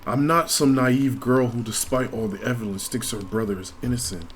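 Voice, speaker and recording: A man's voice: mid-range voice, moderate pace, a little hiss or hum, close to an everyday voice. A man reading aloud the lines of a young princess in a game, in his own plain voice with little change. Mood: earnest. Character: young princess, earnest and composed.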